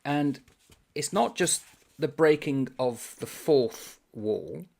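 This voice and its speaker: A man's voice: on the high side, animated, slow, gravelly, darkish tone. A man hosting a book channel, casually discussing a comic novel in a rambling, amused way and reading passages aloud.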